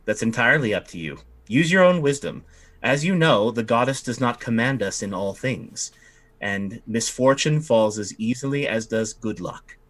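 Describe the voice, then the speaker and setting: A man's voice: mid-range voice, lively intonation, moderate pace, a bit bright. A man voicing a sly, imperious witch woman who curses when crossed, in a tabletop game. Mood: measured. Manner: tart, cursing when crossed.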